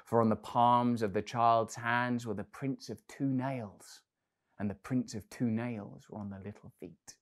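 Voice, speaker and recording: A man reading a children's fairy tale aloud as a storyteller, with an expressive, varied delivery. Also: mid-range voice, unhurried.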